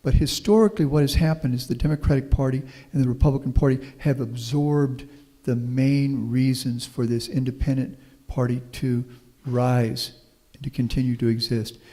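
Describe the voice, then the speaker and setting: A man's voice: medium pitch, steady tone, normal speed, few pauses, dark tone. Folksy Texan-born man in a reverberant hall. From Houston, Texas. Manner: folksy, anecdotal, optimistic. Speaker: guest speaker, professor. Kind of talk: public talk with Q&A. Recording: long reverb of a meeting hall.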